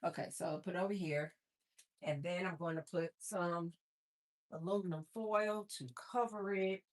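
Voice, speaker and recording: A woman with a lowish voice and measured pace hosts a casual cooking livestream. Talking to viewers she calls "you guys," she spins her stories with plenty of animation.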